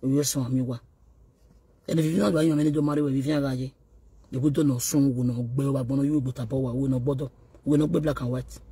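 A Nigerian man with a rough voice, ranting and taunting as he addresses a rival directly, slipping between pidgin and Yoruba. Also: mid-range voice, mellow, dry recording. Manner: scolding, taunting, code-switching into Yoruba. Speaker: online video host.

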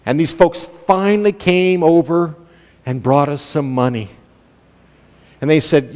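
Emphatic high-voiced male preacher. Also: sing-song, moderate pace, a little mellow. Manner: emphatic, calls out to the congregation. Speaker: pastor. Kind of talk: sermon. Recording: long hall reverb.

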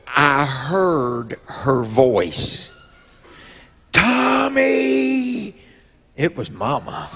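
Bishop, slow unhurried storytelling sermon, husky tone, echoing sanctuary. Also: male voice, mid-range voice. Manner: slow storytelling with drawn-out pauses; rises to loud emotional peaks. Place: church sanctuary. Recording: long reverb in a church hall.

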